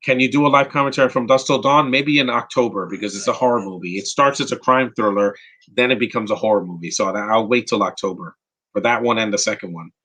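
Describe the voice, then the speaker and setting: Opinionated man from New York, bright voice. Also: on the low side, quick pace, breathy edge, poor audio. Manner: opinionated and rambling, with frequent restarts. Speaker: podcast host. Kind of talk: live movie commentary, answering chat questions.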